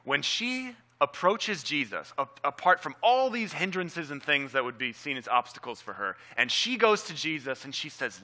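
A man's voice: fairly high pitch, sing-song, normal speed, few pauses, sharp tone. A man preaching a teaching sermon, earnest and emphatic, repeating key phrases and asking his listeners questions. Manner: earnest, asks the audience questions. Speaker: pastor.

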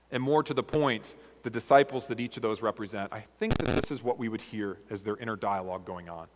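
A man preaching a sermon as a pastor, earnest and measured, asking his listeners rhetorical questions. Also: mid-range voice, long reverb tail, a little hiss or hum.

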